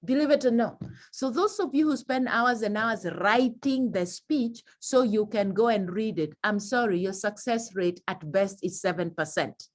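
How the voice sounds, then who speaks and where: A woman teaching presentation skills in a lively workshop, acting out examples with big swings in her voice. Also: normal speed. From Kenya. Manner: animated, acts out examples with big pitch swings.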